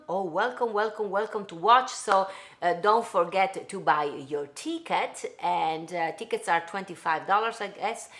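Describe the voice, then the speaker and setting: Medium-pitched with a fairly bright tone, an Italian woman from Italy runs a live-streamed cooking show from her kitchen at home. She speaks loose English with an Italian accent, chatting and saying hello to viewers by name.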